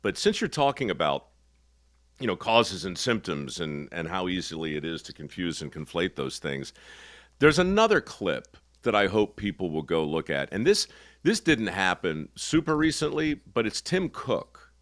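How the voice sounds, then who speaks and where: A man's voice: deep voice, big pitch swings, moderate pace, a bit bright, dry recording, studio quality. Folksy emphatic man hosting a podcast. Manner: folksy, teasing, emphatic storyteller. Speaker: podcast host. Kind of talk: casual conversational interview.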